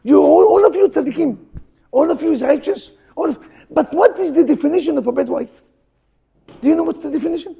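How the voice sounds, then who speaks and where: A middle-aged man, a rabbi, teaching a humorous class in a synagogue in broken English, firing off rhetorical questions and loud bursts. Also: very high voice, a little fast, creaky. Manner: jokey, full of rhetorical questions, bursts into loud quoted rants; broken non-native English grammar. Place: synagogue hall.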